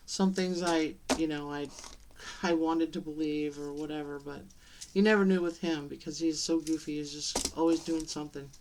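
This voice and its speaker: A middle-aged woman talking to the camera in a personal vlog, halting and tearful, with many pauses and restarts. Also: low-pitched, steady tone, darkish tone, a little hiss or hum. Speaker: vlogger.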